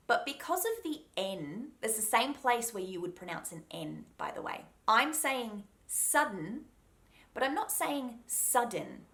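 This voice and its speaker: A woman with an Australian accent teaching a pronunciation lesson, speaking deliberately and repeating each sound to demonstrate it. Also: mid-range voice, creaky, fairly bright tone. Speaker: accent coach.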